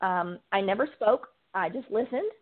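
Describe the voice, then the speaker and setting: A woman guest speaks earnestly and from the heart about her recovery. Her voice sits at an ordinary middle pitch, and she often pauses on filler ums. The sound is thin and narrow, like a phone line. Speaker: guest, addiction recovery coach. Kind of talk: personal testimony in an interview.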